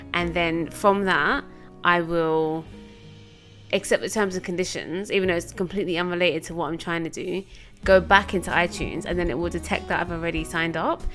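A woman's voice: lowish voice, a bit bright. A woman with an English accent hosting a podcast, telling candid, rambling stories in a casual monologue. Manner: chatty, candid, rambling storytelling. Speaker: podcast host.

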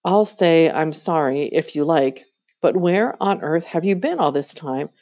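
A woman's voice: low voice, expressive, measured pace, mellow, highs cut off, exaggerated voice. A woman voicing a sulky, greedy young boy who pleads and snaps, in a storybook reading. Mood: snappish. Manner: pleading, snappish.

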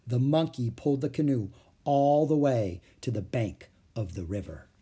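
A man reads a children's chapter book aloud with expressive, animated delivery. His voice is a little husky and breathy, and his pitch moves a lot, rising with the action. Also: moderate pace. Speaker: storyteller.

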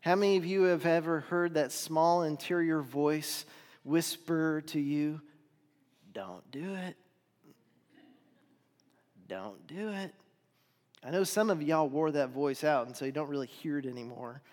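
A man's voice: on the high side, steady tone, normal speed, darkish tone. A middle-aged man preaching a sermon as a pastor, talking in an earnest, conversational way and asking the congregation rhetorical questions. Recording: long hall reverb.

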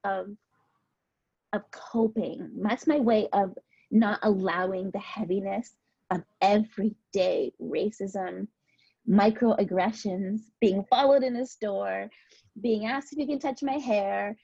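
A woman talking openly and thoughtfully in a personal conversation, her voice mellow and husky. The sound is dry and a bit muffled, and she speaks with tears close to the surface. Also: mid-range voice, steady tone, takes it slowly, no echo. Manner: reflective, opens up about painful memories. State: tearful. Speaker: podcast guest.

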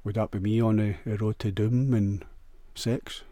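A Scottish man rambles crudely through a jokey solo monologue, often restarting and tripping over his words. His voice sits on the low side, warm in tone, with flat delivery at normal speed and no echo.

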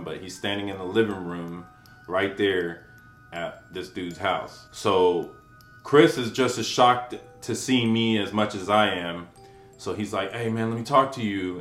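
A man's voice: on the low side, fairly bright tone. A man in his forties telling a personal story in a casual, profane, conversational way, often saying "you know what I mean.". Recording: roomy echo with faint guitar music.

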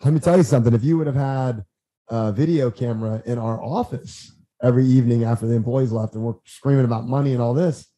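A man guesting on a podcast, telling stories in a lively, rambling way and acting out what others said. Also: mid-range voice, fast talker, poor audio. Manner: animated, acts out quotes, frequent restarts. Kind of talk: casual storytelling chat.

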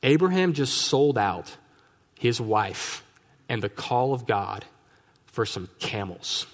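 A man's voice: medium pitch, expressive, slow pace. A male pastor preaching a humorous, conversational sermon with frequent rhetorical asides in a church sanctuary. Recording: long reverb of a church hall.

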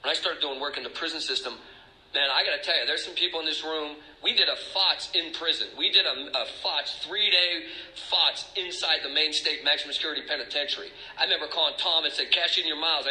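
Bright-voiced man giving a confessional talk. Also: a little high, echoey room, poor audio. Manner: emotional, confessional, rambling with restarts. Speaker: recovery speaker. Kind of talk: personal testimony talk.

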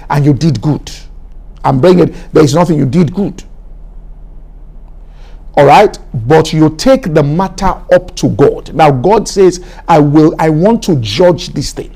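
Man preaching a sermon, kinda high voice but warm and mellow, keeps repeating himself for emphasis. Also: animated, measured pace, creaky, husky. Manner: preaching, rising to an emphatic raised pitch; repetitive, exhorting delivery. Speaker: pastor.

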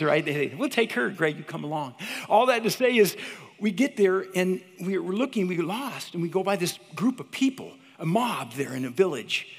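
Husky preacher swinging loud to whispered. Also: male voice, sits high. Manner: dramatic swings from loud cries to hushed whispers. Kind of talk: sermon. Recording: long hall reverb.

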